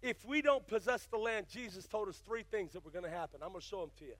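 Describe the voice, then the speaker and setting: An older male pastor preaching, moving from folksy storytelling into fiery, shouted exhortation. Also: high-pitched, fast talker, no room sound. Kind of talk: sermon.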